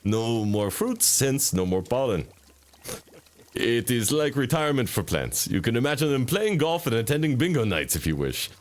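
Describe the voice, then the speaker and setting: A man voicing a polite, quirky male tea shop mentor who speaks formally in oddly broken phrasing, with a gentle, unhurried and mildly teasing manner. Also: mid-range voice, sing-song, slight background noise, natural voice. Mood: explaining.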